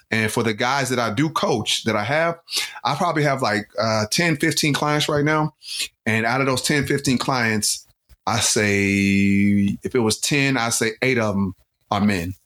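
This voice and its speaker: A man's voice: on the low side, fairly bright tone. A man who co-hosts a podcast and works as a life coach, talking earnestly and from the heart in a casual chat, with lots of filler words.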